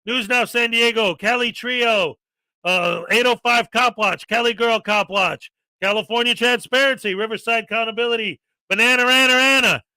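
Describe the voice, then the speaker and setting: A man's voice: very high-pitched, moderate pace, pushed and bright, dry recording, rough recording. A man co-hosting a casual live-stream chat, ranting and reeling off long lists of names.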